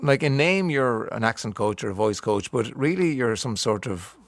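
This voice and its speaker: Gravelly Irish man, chatty radio host. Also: mid-range voice, expressive. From Ireland. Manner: chatty, curious, quick questions. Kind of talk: radio interview.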